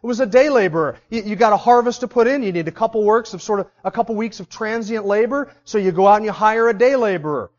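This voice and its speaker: A middle-aged male pastor preaching a sermon with emphatic delivery, swinging from loud to quiet. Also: high voice, fast talker, few pauses, highs cut off.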